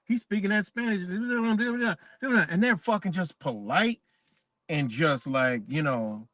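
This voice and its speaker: A man's voice: high-pitched, takes it slowly, fairly bright tone, no echo. A man ranting casually on a live stream, profane and emphatic, rambling as he tells stories.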